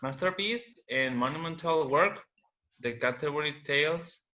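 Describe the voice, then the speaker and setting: A male student reading aloud in class, halting and stumbling over words. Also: fairly high pitch, lively intonation, pushed and bright. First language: Spanish.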